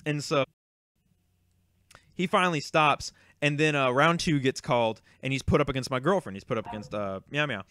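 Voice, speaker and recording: A man's voice: medium pitch, moderate pace, fairly bright tone, no echo, studio quality. A young man casually telling a long, rambling, exasperated story about a card game tournament, with frequent fillers and swearing. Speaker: YouTube card game creator.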